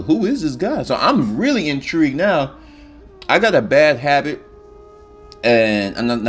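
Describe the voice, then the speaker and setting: Male storyteller, rambling and profane, mid-pitched, light music bed. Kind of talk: comedic storytelling.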